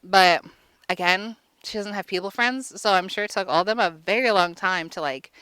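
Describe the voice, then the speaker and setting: Bright-voiced woman doing a crude, rambling recap. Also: mid-range voice, moderate pace, clear, resonant tone, no room sound. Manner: crude, rambling, lots of fillers. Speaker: vlogger. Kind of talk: casual comedic movie recap.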